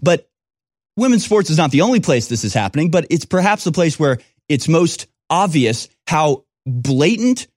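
Man, commentary host, slightly high voice, mocking rant, dry close sound. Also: big pitch swings, normal speed, darkish tone, no echo. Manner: scornful, mocking, sarcastic. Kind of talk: reading news and ranting commentary.

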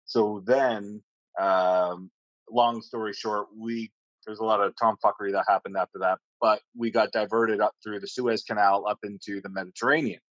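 Low-voiced profane sailor telling stories. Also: male voice, fairly even intonation, moderate pace, fairly bright tone, no room sound, highs cut off. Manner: rambling, profane, many fillers and restarts. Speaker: podcast guest, navy sailor. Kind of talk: casual storytelling.

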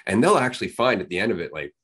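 A man's voice: on the low side, big pitch swings, racing, a bit bright, breathy edge. A man co-hosting a podcast in casual chat, blunt and swearing freely. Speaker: podcast co-host.

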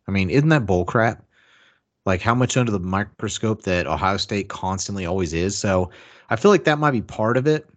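A man's voice: on the low side, expressive, moderate pace. A man in a casual sports debate, insistent and argumentative, with many fillers.

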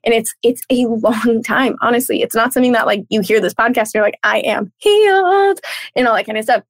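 A woman, a coach speaking as a podcast guest, talking in a bubbly, animated way and playfully acting out her inner thoughts. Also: on the high side, fast talker, no echo. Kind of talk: casual podcast interview.

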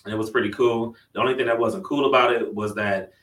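A man's voice: medium pitch, fairly even intonation, fast, a bit bright. A man from Toledo, Ohio, telling a story in a laid-back way and laughing often. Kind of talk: casual chat. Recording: roomy sound from a distant mic.

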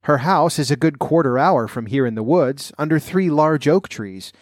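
A man voicing an innocent little girl in a red cap, gentle and wide-eyed. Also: a little high, lively intonation, normal speed, no echo, clean studio sound, close to an everyday voice. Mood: trusting.

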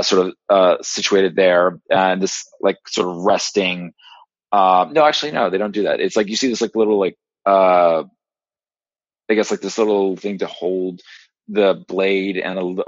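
A man telling a long, excited story as a podcast guest, rambling with many fillers and restarts. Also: deep voice, no room sound. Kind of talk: casual storytelling monologue. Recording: dry, slightly dull lo-fi podcast audio.

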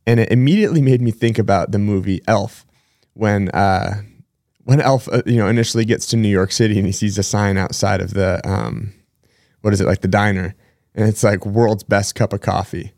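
A man's voice: lowish voice, fairly even intonation, brisk, a little mellow, no room sound, clean studio sound. A man hosting a casual podcast, chatting in a rambling way with side-tracks and self-corrections. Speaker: podcast host. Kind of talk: casual solo podcast chat.

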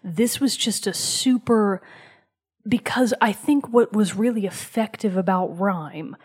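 A woman hosting a show, casually recounting a video game story and dropping into a soft whisper for emphasis. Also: medium pitch, unhurried, breathy edge. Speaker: show host.

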